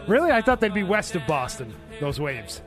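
A man's voice: on the high side, big pitch swings, normal speed, over music. A man co-hosting a radio show, laughing often and playfully ribbing the others in casual banter.

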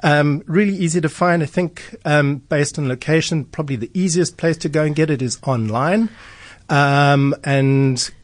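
Relaxed man, radio guest. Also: a little high, moderate pace, no echo. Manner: relaxed, many ums and yeahs. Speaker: guest, product distributor. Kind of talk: radio interview.

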